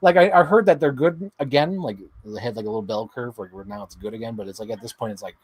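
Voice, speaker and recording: Rambling, excitable man chatting on a podcast. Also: medium pitch, fast, husky. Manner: rambling, enthusiastic, many "like" fillers. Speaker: podcast co-host. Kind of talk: casual chat.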